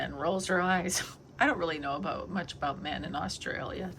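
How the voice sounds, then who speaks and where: A woman, middle-aged, chatting casually to her cat and retelling a quarrel in lively quoted back-and-forth. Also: on the low side, a little fast, slight background noise. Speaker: vlogger talking to her cat. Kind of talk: casual storytelling to a pet.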